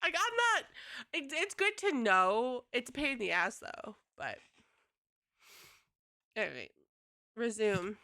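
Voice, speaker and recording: A woman's voice: a little high, sing-song, takes it slowly, pauses often, sharp tone. A woman game streamer chatting casually to her live chat, rambling and swearing freely.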